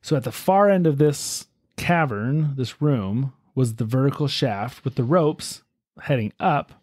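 A man hosting a podcast, telling a story in a relaxed, chatty way with lots of fillers. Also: medium pitch, a little slow, no room sound, clean studio sound. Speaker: podcast host. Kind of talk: casual storytelling chat.

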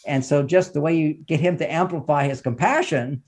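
A man's voice: moderate pace, a little mellow. Emphatic man giving relationship advice. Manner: emphatic and lecturing, rising in pitch and volume for emphasis; repeats phrases in lists. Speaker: relationship author and counselor, podcast guest. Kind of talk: animated advice talk in an interview.

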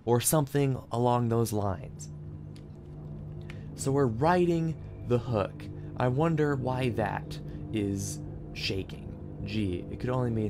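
A gaming channel host with a mid-range voice takes his time as he plays, offering casual let's-play commentary. He jokes around and talks to the on-screen character while game music plays behind him.

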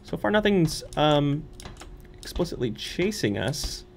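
A man's voice: a little high, sing-song, a little slow, creaky. Jumpy young man narrating a horror game. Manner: jumpy, nervous and chatty, muttering to himself with squeals and laughs. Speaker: let's play streamer. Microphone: studio microphone.

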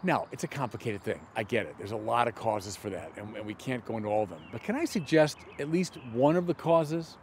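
A middle-aged man, a bishop, gives an emphatic teaching commentary outdoors in a garden, slowing down deliberately on key words. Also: mid-range voice, expressive, slight background noise.

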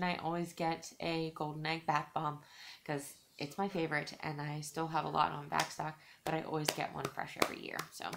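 Chatty woman with a gravelly voice. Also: on the low side, a bit bright. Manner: chatty, rambling, heavy use of "like"; giggly, self-teasing. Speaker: beauty vlogger. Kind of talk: casual haul vlog.

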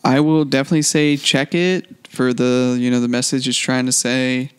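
A man's voice: mid-range voice, flat delivery, normal speed, clean tone. Rambling casual male movie podcaster. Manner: rambling, trails off mid-sentence, self-correcting. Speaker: podcast co-host.

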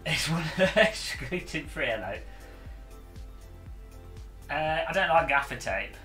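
A man's voice: fairly high pitch, lively intonation, takes it slowly, bright, forceful tone, soft background music. A man on a casual livestream, joking, swearing and mocking himself while setting up gear. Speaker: streamer.

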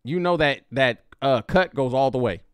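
A man hosting a casual reaction livestream, laughing and chatting with his viewers in an animated way. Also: medium pitch, normal speed, clean tone, no echo. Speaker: reaction video host.

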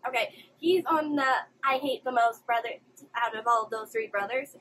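A woman hosts an anime reaction video, exclaiming and gasping at the screen as she watches live. Her voice is fairly high and moves at a normal speed, and the rough recording carries slight background noise.

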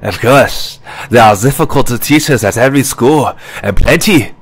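A man's voice: mid-range voice, normal speed, breathy edge, voice pushed up. Audiobook: fussy gossipy professor type, precise and sly, voiced by a male reader. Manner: confiding, precise and slightly sarcastic. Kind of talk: audiobook character reading.

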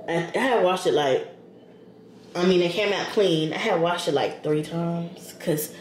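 A woman's voice: on the low side, a little slow. Woman, casual vlog chatter, slangy, home kitchen, background noise. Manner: chatty, rambling, slangy, addresses viewers as y'all and girl. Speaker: vlogger. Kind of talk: casual chat to camera. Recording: echoey room with background noise.

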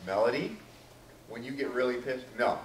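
A man's voice: medium pitch, expressive, normal speed. A male teacher lectures a class, calling on students by name and acting out what people say. He is picked up from a distance in a reverberant classroom, with a faint hum behind him. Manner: questions students by name, acts out quoted lines. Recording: echoey classroom from far off.

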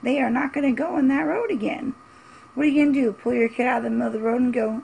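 A woman's voice: high voice, fast, creaky, a little mellow, a little hiss or hum. A woman in her forties, a mother vlogging her opinions in a blunt, emphatic, repetitive way. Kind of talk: casual opinion vlog.

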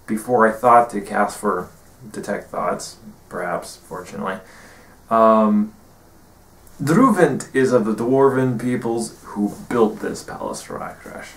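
A man recapping his tabletop game session as game master, rambling with many pauses and fillers. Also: fairly low pitch. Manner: rambling, many ums, quotes players in brief character bits. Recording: echoey room, far from mic.

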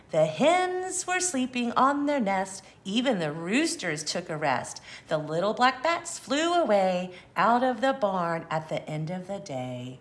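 Animated woman reading a picture book aloud. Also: medium pitch, unhurried, hardly any pauses. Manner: gentle, animated, asks the listener to count along. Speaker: children's storyteller. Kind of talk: read-aloud for kids.

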